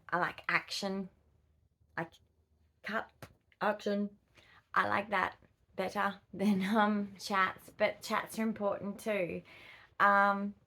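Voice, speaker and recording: A woman's voice: mid-range voice, creaky, pushed and bright. A middle-aged woman from Australia with an Australian accent, chatting casually to camera in a rambling, easily distracted way. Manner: rambling and easily distracted, with frequent fillers and laughs. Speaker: vlogger.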